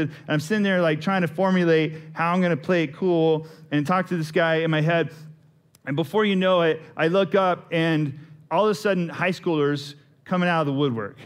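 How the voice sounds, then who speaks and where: Casual storytelling pastor, man. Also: fairly high pitch. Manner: casual storytelling with laughs and asides. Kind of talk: sermon.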